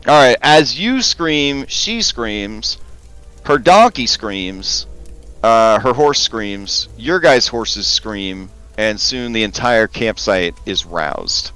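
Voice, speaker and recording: A man narrating as game master in a relaxed, hesitant way with many pauses and ums. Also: lowish voice, clean tone, soft background music.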